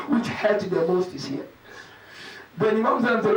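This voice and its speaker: Sheikh doing a mournful sermon, very high voice, rings around a big hall, far off the mic. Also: male voice, measured pace, pauses often. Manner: emotional recital, breaking into raised cries. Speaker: sheikh giving a Muharram lecture. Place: mosque hall. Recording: echoey hall from far off, faint noise.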